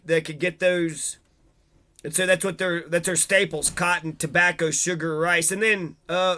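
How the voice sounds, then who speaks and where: A man with a high, bright voice riffs on old history in a loose, sarcastic way. He swears freely and mocks the quotes he reads aloud. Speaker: history channel host. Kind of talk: casual history commentary.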